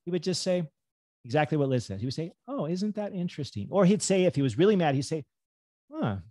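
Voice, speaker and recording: A middle-aged man with a fairly high voice talks in an animated, enthusiastic way, often slipping into little acted bits of self-talk. He is a physician guest on a casual podcast, and his sound is close and dry. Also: fast talker, dry recording.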